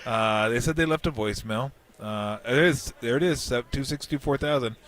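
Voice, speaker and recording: A man's voice: medium pitch, a little fast. A man in his fifties co-hosting a sports radio show, telling a story in casual banter and acting out the quotes. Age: 50s. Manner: animated storyteller, repeats himself, acts out quotes. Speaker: radio co-host. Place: convention hall radio row booth.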